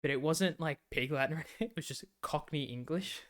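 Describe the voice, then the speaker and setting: Laid-back man with a fairly high voice. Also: quick pace. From Australia. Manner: laid-back, swears freely, laughs often. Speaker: podcast co-host. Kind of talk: casual chat.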